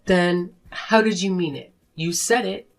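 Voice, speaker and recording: A woman's voice: fairly low pitch, a little slow. A woman playing a fed-up, accusing wife. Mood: confrontational. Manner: sharp, accusing, confrontational. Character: fed-up wife and mother demanding divorce. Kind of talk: animated story voice acting.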